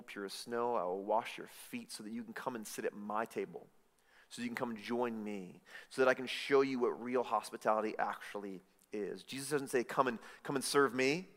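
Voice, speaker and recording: A man preaching a sermon, swinging from loud emphatic lines to hushed, intimate ones. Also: lowish voice. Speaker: pastor. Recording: reverberant hall.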